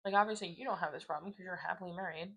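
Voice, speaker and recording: A woman's voice: fairly low pitch, racing, gravelly, fairly bright tone, slightly rough. A young woman co-hosting a casual podcast chat, talking loosely with lots of "like", swearing and laughing. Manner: reads dating app messages aloud in mocking voices. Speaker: podcast co-host.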